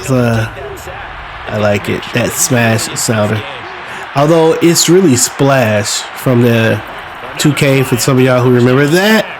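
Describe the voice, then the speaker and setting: A man giving casual, chatty play-by-play of his own football video game, relaxed and self-mocking, now and then bursting out excitedly. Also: medium pitch, slow. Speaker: podcast host playing a football video game. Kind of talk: casual play-by-play commentary while gaming. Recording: game crowd noise behind the voice. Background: stadium crowd sound from the game.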